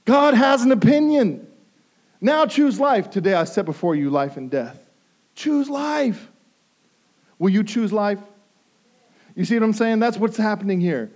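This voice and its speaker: Man preaching a sermon, high-pitched voice, emphatic, repeats lines for stress. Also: expressive, moderate pace, a little mellow. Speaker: pastor.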